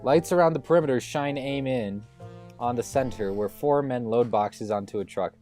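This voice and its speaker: A man's voice: medium pitch, moderate pace, dark tone, faint music behind. Man reading stage directions aloud. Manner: reads stage directions, stumbling and wry. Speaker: script reader. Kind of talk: comic script read-through.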